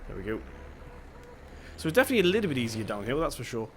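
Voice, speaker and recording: A man's voice: mid-range voice, big pitch swings, racing, a bit bright, slight background noise. Chatty young man with a Devon accent. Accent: Devon English. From England (Devon). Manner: chatty, thinking aloud while playing. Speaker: gaming channel host. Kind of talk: casual gameplay commentary.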